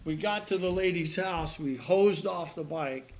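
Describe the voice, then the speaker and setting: A man's voice: a little high, a little slow. Folksy older man preaching a sermon. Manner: folksy storytelling, self-deprecating humor; laughs at his own story. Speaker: pastor.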